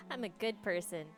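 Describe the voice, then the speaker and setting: A woman's voice: medium pitch, fairly bright tone. Chatty, joking woman streamer. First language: English. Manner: chatty, joking and self-mocking with frequent laughs. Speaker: game streamer. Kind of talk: casual live-stream chat while gaming.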